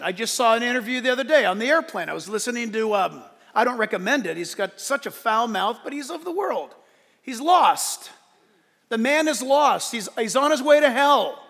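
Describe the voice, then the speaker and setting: A man preaching a sermon with a high, bright, forceful voice. He swings between loud emphatic shouts and soft asides. The sound rings with long reverb from a large church sanctuary. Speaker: pastor.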